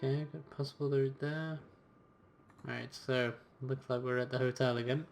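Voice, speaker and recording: Male gamer, casual let's-play; reads story text aloud, relaxed. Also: medium pitch, normal speed, gravelly, soft background music. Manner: relaxed, reading narration with occasional quoted voices.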